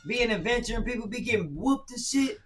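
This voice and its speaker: A woman's voice: a little high, fast. A woman comedienne hosting a podcast, joking brashly and profanely and acting out scolding mothers. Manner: brash, profane, acts out scolding moms in lively voices. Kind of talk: casual comedic chat. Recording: distant mic with faint noise.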